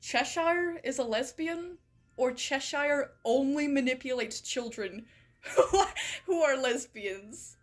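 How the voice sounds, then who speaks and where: Woman, a touch high-pitched, casual chat, rambling, lots of fillers, swearing, reads viewer stories. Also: slow pace. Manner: rambling and chatty, with many "like" and "right?" asides and frequent swearing. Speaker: streamer reading viewer stories.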